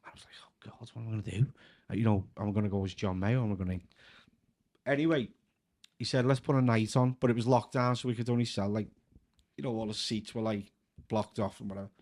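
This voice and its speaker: A man's voice: on the low side, quick pace, pauses often, darkish tone. Chatty Scouse man telling stories. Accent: Scouse (Liverpool). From Liverpool, England. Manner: chatty, breaks into laughter, leans on filler "like". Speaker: guest comedian and actor. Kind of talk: casual anecdotal storytelling.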